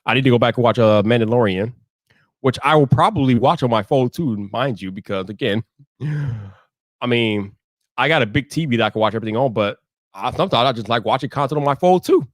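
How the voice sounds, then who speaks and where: A man hosting a casual live stream, talking in an animated way, repeating himself and ranting loudly when annoyed. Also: mid-range voice, a little fast, no room sound, studio quality.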